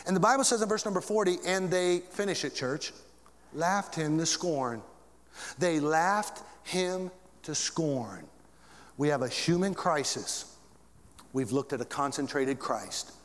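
A male pastor preaching a sermon to his church, with big swings in pitch and volume. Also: moderate pace, in a large hall.

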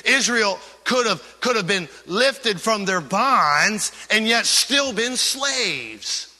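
Preacher guy, loud then hushed, kinda high voice, big echoey church. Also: animated, takes it slowly. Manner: preaching with swings from loud emphasis to hushed earnest tones. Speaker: pastor. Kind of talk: sermon.

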